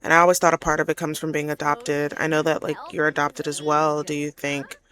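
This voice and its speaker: A guarded older mother in a life-sim game , as a woman voices her, offering measured, probing advice. The voice sits low for a woman. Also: level tone, a bit bright. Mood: advising.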